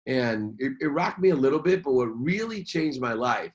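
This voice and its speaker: A man's voice: mid-range voice, expressive, moderate pace, muffled recording. A middle-aged man, a businessman and motivational speaker, telling a personal story as a podcast guest in an earnest, emphatic way, repeating key phrases.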